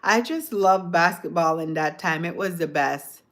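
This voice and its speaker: Woman, light Jamaican accent, livestream host, rambling casual chat, low voice, slow pace. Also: a bit bright. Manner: rambling, chuckling, asks viewers questions. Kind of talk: casual chat with live viewers.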